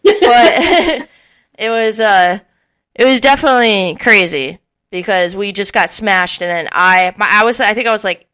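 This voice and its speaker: A young woman in her twenties tells a rowdy story on a casual podcast. Her voice is bright and clear, and she acts out what people said with a lot of swearing. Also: mid-range voice, moderate pace. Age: early 20s. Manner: animated, swearing often, acting out quotes with laughs. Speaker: podcast co-host.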